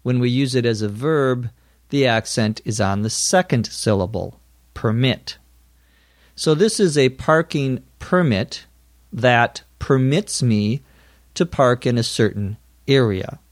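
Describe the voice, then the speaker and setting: A man's voice: medium pitch, a little slow, no echo, clean studio sound. A man teaching English vocabulary, explaining words carefully in a scripted lesson.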